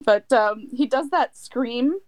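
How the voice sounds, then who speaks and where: A middle-aged woman co-hosts a casual chat in a high, bright voice, laughing often and circling back on her own sentences. Her voice is recorded dry and close, with no room around it. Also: expressive, takes it slowly, dry recording. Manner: chatty, laughs often, trails off and restarts.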